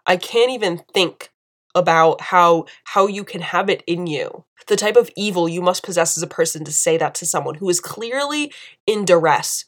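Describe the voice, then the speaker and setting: A woman's voice: on the low side, animated, moderate pace. A young woman from the United States giving impassioned video commentary, emphatic and indignant, repeating phrases for force.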